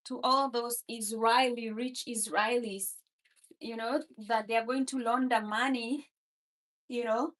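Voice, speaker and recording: A woman's voice: on the high side, steady tone, measured pace, a bit bright. A woman giving emphatic political commentary, speaking straight to her listeners and repeating her points. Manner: emphatic, repetitive, addressing listeners directly.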